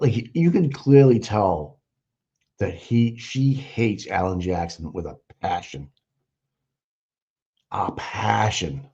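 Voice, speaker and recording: Speaking in a fairly low, darkish voice, a man hosts a livestream and rambles bluntly through casual commentary laced with profanity. It's captured in dull, lo-fi sound.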